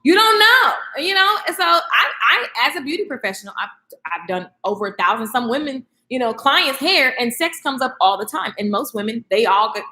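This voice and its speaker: Woman live-stream host, casual and slangy, fairly high voice, roomy echo. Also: a little fast. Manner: animated and slangy, laughs often, talks to viewers. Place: echoey room, home at night. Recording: echoey room.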